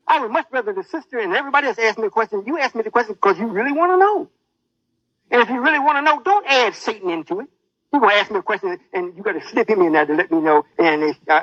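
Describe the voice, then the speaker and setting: High-voiced boastful male preacher. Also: no room sound, lo-fi sound. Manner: boastful, menacing. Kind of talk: sermon.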